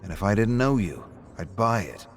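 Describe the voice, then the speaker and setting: A calm, sardonic pub owner who pokes at his friend in a dry, measured way, as a man puts him on for a story. The voice stays low and even. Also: faint music behind. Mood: earnest. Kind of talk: audiobook-style story reading.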